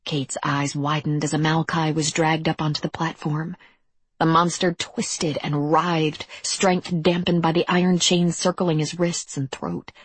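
Brief: female audiobook narrator, deliberate and measured, low-pitched and breathy, dry studio sound. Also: level tone, dry recording.

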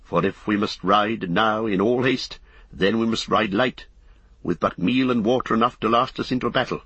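A man reading an aged warrior king, grave and commanding, with a husky voice on a dull recording. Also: fairly low pitch, normal speed, fairly bright tone, no room sound.

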